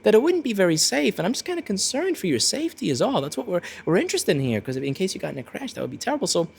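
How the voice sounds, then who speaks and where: A man's voice: high-pitched, sing-song, very fast, vocal fry, slight background noise, voice pushed up, exaggerated voice. A man playing a nosy fake-concerned relative. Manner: sugary fake-concerned prying. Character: nosy two-faced relative feigning concern.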